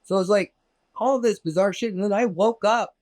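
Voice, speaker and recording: This Southern California man talks briskly as an interview guest, casually recounting his UFO experience with plenty of profanity and energy. When he voices the others in the story, his pitch swings way up. There's no room sound.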